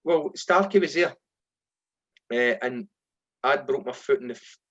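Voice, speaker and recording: A middle-aged man with a Scottish accent tells dressing-room stories in a relaxed sit-down chat. He slips into other people's voices when he quotes them. The recording sounds slightly dull and lo-fi. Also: medium pitch, a little slow. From Scotland. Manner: animated anecdotes, acts out voices in quotes. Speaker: former footballer, guest. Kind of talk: casual storytelling.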